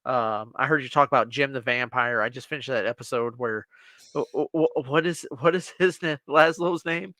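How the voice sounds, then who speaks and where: A man's voice: medium pitch, moderate pace, sharp tone, dry recording. A man co-hosting a casual podcast, animatedly retelling and acting out scenes from a TV show. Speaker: podcast co-host. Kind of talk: casual chat.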